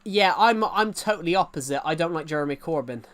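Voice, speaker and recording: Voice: medium pitch, animated, a little fast, a bit bright. A streamer with a rural English accent, chatting on a livestream and answering viewer comments, with frequent restarts and repeated phrases. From England.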